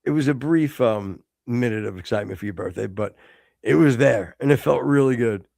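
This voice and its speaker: A man's voice: mid-range voice, brisk, vocal fry, darkish tone, no room sound, studio quality. A man in his fifties, co-hosting a podcast with crude, teasing banter and heavy swearing. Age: 50s. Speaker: podcast co-host.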